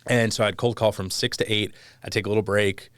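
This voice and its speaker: A man in his thirties, a guest on an interview show, telling stories in a relaxed, self-deprecating way and sometimes trailing off while he hunts for a name. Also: on the low side, a little fast, clear, resonant tone, no echo. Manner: lively storyteller, self-deprecating, trails off searching for names. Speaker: podcast guest, mortgage company executive. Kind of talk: casual interview chat.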